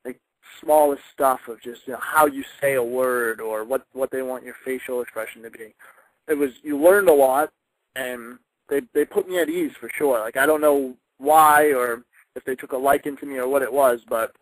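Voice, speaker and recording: A young man, a wrestler guest on a radio show, telling stories in a casual, animated way and laughing now and then. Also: medium pitch, moderate pace, no room sound, rough recording. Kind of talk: casual radio interview storytelling.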